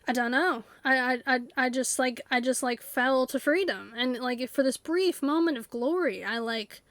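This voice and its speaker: A woman voicing a lip balm that dreams of freedom, speaking slowly and dreamily. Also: sits high, fairly bright tone, dry recording. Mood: wistful.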